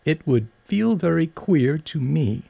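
A man's voice: a little high, lively intonation, slow, creaky, warm tone, husky, dry recording, voice pushed up, heavily acted. A man doing a shy, polite young girl. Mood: polite, earnest. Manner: polite and hesitant. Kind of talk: storybook reading.

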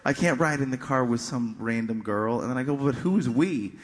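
A male musician tells a meandering, self-deprecating story from the stage, tripping over his words and restarting. His voice sits at an ordinary middle pitch. A long hall reverb trails each phrase. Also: a little fast. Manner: rambling, self-deprecating anecdote with stammered restarts. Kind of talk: stage banter between songs. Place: live concert venue.

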